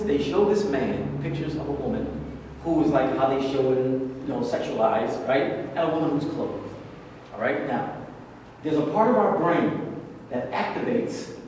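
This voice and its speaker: A man's voice: a little high, a little mellow. A man teaching a religious class in a casual, conversational way, repeating key phrases and asking rhetorical questions. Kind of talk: lecture to a class. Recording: very echoey hall, far from mic, noisy.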